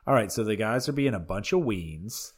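A man co-hosting a chatty podcast, wry and teasing. His pitch rises and falls a lot as he talks, and he breaks into laughter often. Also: lively intonation, moderate pace, husky. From Southern United States. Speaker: podcast co-host. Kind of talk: casual chat.

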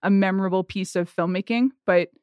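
A woman co-hosting a casual film podcast, talking in a chatty, halting way with many restarts. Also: mid-range voice, fairly even intonation, darkish tone, clear, resonant tone, dry recording, clean studio sound. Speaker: podcast co-host. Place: at a film festival.

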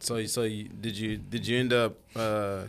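A man's voice: fairly low pitch, level tone, unhurried, gravelly, clear, resonant tone. A man co-hosting a podcast, asking ribbing questions and chuckling in casual chat. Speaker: podcast co-host.

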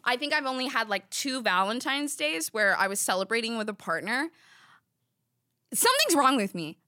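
Bright, lively young woman chatting. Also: on the high side, dry recording, studio quality. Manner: giggly, rambling, self-deprecating. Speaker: podcast host. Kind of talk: casual chat. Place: studio.

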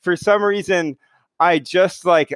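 A man's voice: sits high, slow pace, fairly bright tone, dry recording. A middle-aged man talking casually as an interview guest, hesitant, with many fillers and restarts. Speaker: guest, mountain speed record holder.

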